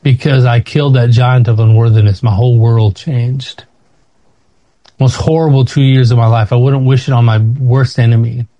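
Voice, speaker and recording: Middle-aged male preacher, mellow and dry, emotional testimony style. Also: steady tone, moderate pace, no room sound. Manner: emotional testimony, voice rising high when pleading. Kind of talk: sermon.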